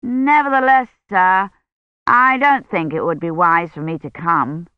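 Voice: medium pitch, a little slow, clear, resonant tone, dry recording, lightly acted. A reader voicing a cautious, reluctant young male technician who keeps apologizing. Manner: hesitant, apologetic. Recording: dull lo-fi sound.

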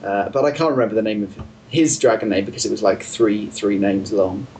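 A man's voice: fairly low pitch, fairly even intonation, fairly quick, a little mellow, a little hiss or hum. A man co-hosting a podcast in casual chat, playful and rambling, often restarting mid-thought. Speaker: podcast co-host.

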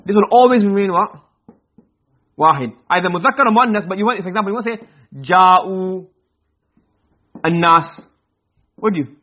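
Fast-talking husky male teacher. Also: high-pitched, dull audio. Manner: explains, then checks understanding with quick questions. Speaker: Arabic grammar teacher. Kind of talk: classroom lecture.

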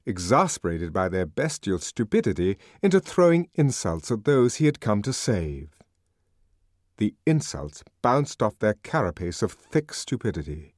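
A man reading a novel aloud as an audiobook narrator, with dramatic, expressive delivery. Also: sits low, dry recording, clean studio sound. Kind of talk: scripted narration.

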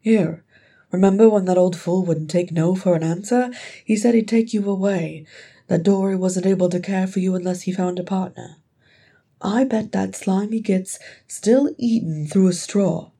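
A woman voicing a sly male dwarf, the middle brother, in a low, wry, bitter grumble. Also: normal speed, mellow, breathy edge. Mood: gruff relish.

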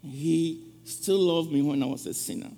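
A man's voice: a little high, moderate pace, vocal fry, warm tone, soft background music. A man preaching a sermon in a church, telling an emotional story and calling out questions to the congregation. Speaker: guest preacher. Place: church sanctuary. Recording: long church reverb.

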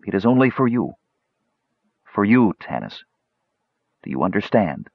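A man voicing an earnest young woman in an audiobook, pleading in a raised pitch. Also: sing-song, unhurried, dry recording, highs cut off, exaggerated voice. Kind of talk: audiobook character voice.

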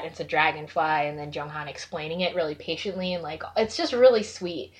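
A woman chatting casually as a podcast co-host, talking fast with lots of filler words. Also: deep voice. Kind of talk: casual fan chat.

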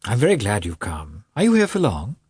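A lofty, lecturing elder brother, read by a man in a husky voice, talking down with measured weight. The tone rises and falls widely, the delivery slow at times. The sound is close and dry. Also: lowish voice, huge pitch swings, a little mellow, no room sound, exaggerated voice. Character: patronizing elder brother, learned middle-aged man.

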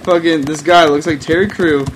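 A man's voice: a little high, steady tone, normal speed, a little hiss or hum, low-quality recording. A young man hosting a podcast, telling a rambling, profane story in casual chat with lots of "like" and frequent laughter. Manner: rambling, heavy use of "like", profane, laughing often. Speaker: podcast host.

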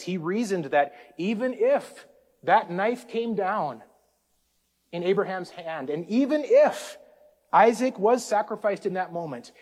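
A man's voice: high-pitched, darkish tone. A man preaching a sermon, calling out to the congregation and building up and easing off his intensity. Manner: preaching with call-outs to the congregation, rising and falling intensity. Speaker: pastor.

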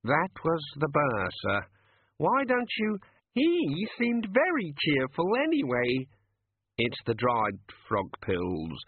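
A man's voice: fairly high pitch, wildly swooping pitch, takes it slowly, husky, pitched above the performer's own voice, exaggerated voice. A man voicing a fussy older wizard who is flustered and overly polite. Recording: narrow phone-like sound.

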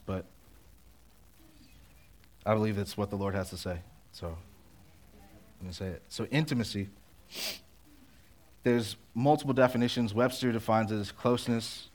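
Man, youth pastor, low-pitched; loose, conversational preaching that slows for emphasis. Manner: chatty, fillers of "like" and "um", slows to stress points. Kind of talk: casual sermon.

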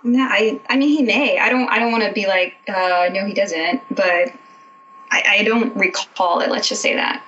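A woman's voice: medium pitch, steady tone, normal speed, a bit bright. A young woman chatting casually, careful and hedging as she corrects herself. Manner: hedging, thoughtful, self-correcting. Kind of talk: casual chat. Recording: dull lo-fi sound with faint noise.

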